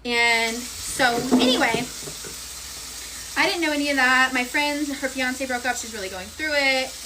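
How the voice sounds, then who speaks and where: A young woman with a high voice tells a storytime in a frank, rambling, profane way. She speaks casually while cooking at home. A loud sizzling pan and stirring sound behind her. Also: a little slow, noisy background.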